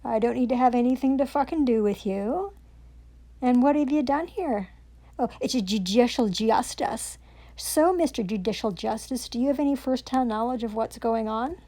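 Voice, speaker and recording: Woman, fairly high voice, raging profane rant full of sarcasm. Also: normal speed, mellow. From Canada. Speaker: self-recording vlogger. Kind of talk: angry rant to camera.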